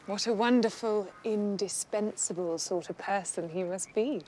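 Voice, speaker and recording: An actress playing an arch, teasing young aristocratic niece with a mocking manner. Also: female voice, mid-range voice, normal speed, background noise, natural voice.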